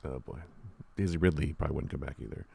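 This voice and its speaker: Gravelly low-voiced man chatting. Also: fast talker, darkish tone, dry recording. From Southern California. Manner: rambling, many restarts and fillers. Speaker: podcast co-host. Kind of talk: casual chat.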